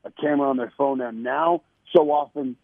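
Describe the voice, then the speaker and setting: A man guesting on a radio show to promote a program, talking with excitement and often repeating words. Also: medium pitch, fairly quick, creaky, no echo. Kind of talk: casual radio interview. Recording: tinny phone-line sound.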